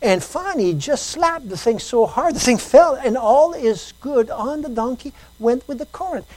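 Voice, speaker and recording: A woman preaching a sermon, telling a story, repeating phrases and swinging between loud emphasis and quiet talk. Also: high-pitched, lively intonation, normal speed, dry recording, poor audio.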